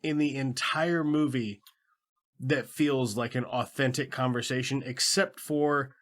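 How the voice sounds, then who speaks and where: Male podcast co-host, mid-pitched, sarcastic film critic who swears freely. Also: fairly even intonation, unhurried, fairly bright tone. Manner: swearing, mocking impressions of characters. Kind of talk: casual movie-review chat.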